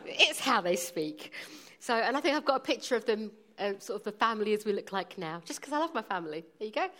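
A woman in her forties preaching, telling a personal story in a lively, humorous way. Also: mid-range voice, fast talker.

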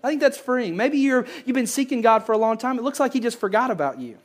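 A pastor preaching a sermon, swinging between loud emphasis and hushed lines and repeating phrases for effect. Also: mid-range voice, expressive, fast.

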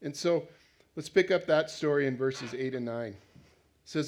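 A man's voice: medium pitch, a little slow. Conversational male preacher. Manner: conversational, asks the congregation questions, acts out voices. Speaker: pastor. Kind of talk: sermon.

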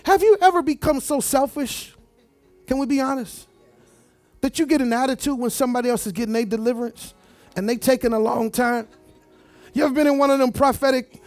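High-voiced preacher man, emphatic and repetitive. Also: fairly even intonation, fairly quick, pauses often, no room sound, faint music behind. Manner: emphatic, repeats words, talks straight to the congregation. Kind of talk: sermon.

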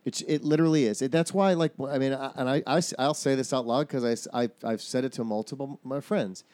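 A man's voice: medium pitch, fast talker, darkish tone, dry recording. A man in casual chat, talking through his own theories at length, often restarting his sentences.

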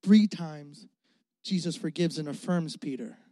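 A man's voice: fairly high pitch, a little slow, dark tone, dry recording. A young adult man, a youth pastor, preaching a sermon with emphatic repetition and rising and falling volume.

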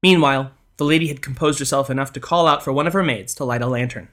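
A man reading an old ghost story aloud in a measured, expressive storytelling style. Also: mid-range voice. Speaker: podcast narrator. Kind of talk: scripted storytelling narration.

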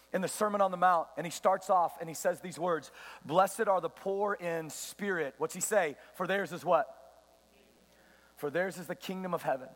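A man's voice: sits high, big-room sound. A man preaching a sermon as pastor, emphatic, acting out quoted voices and putting questions to his listeners. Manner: emphatic, rising and dropping sharply for effect; acts out quoted voices and asks the crowd questions.

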